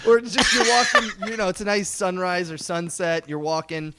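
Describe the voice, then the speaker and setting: A man's voice: high-pitched, brisk, heavy background noise. A young man on a podcast as a guest, chatting casually and teasing, with a lot of laughter. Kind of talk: casual chat.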